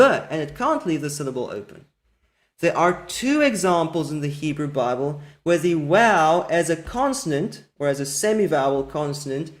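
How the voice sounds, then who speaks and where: A teacher delivers a methodical recorded lesson, slowing down to carefully spell out each example word. The voice is medium in pitch.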